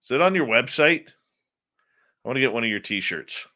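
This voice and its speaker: A man's voice: medium pitch, animated, measured pace, sharp tone. A middle-aged man hosting a radio show, chatting casually, greeting viewers by name and ranting bluntly. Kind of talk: casual live-stream chat.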